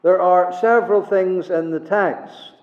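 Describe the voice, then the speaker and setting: A man's voice: high voice, steady tone, measured pace. A man preaching a sermon, emphatic and repeating his key words for weight. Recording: echoey hall, dull lo-fi sound.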